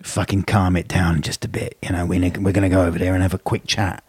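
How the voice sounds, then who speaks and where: A man voicing a menacing, quiet East End London gangster, speaking low and half-whispered, slow and full of swearing. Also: little pitch movement, husky, no room sound. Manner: slow, swearing, ominous threats.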